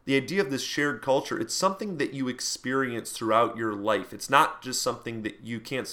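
A man's voice: medium pitch, brisk, few pauses, sharp tone. Man explaining in a loose classroom lecture. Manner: conversational, loose explaining with fillers and asides; puts on mock voices for quoted speech. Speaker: teacher.

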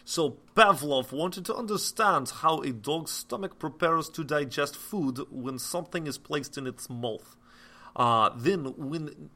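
A man reading a textbook passage aloud in a put-on, stiff and deliberate. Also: a little high, pushed and bright. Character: man reading a textbook in a mock Russian accent.

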